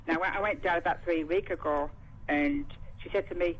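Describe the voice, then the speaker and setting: A woman's voice: on the low side, brisk. A woman from London with a Cockney accent, calling in to a radio show and rambling in casual chat. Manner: rambling, full of "and that". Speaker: caller. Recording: dull phone line with faint noise.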